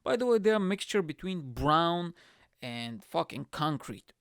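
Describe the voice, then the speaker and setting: A man's voice: on the high side, measured pace, clear, resonant tone, no echo, clean studio sound. A tired man hosting his podcast, telling a story in a casual, swearing, matey way. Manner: profane, animated, says "mate" a lot. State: tired, yawning. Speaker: podcast host.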